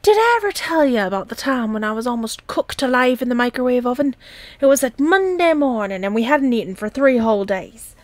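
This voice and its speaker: A woman's voice: on the high side, very animated, fairly quick, dry recording, voice pushed up. A woman reading aloud and voicing an old uncle who likes to tell long stories of his adventures. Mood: reminiscing. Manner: chatty, storytelling. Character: old rambling male uncle, fond of tall tales.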